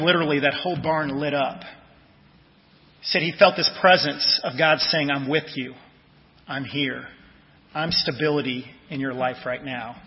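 A fairly high-voiced man preaching a sermon, his delivery conversational and his phrase endings fading quietly. The audio is dull and lo-fi, with a long church reverb behind him. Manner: conversational, tells personal stories, trails off softly at phrase ends. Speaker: pastor.

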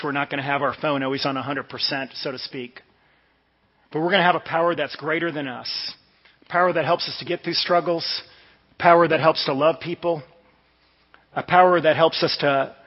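A man from the Washington DC area preaching a sermon in a conversational, storytelling way. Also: fairly high pitch. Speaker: pastor. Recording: dull sound with long hall reverb.

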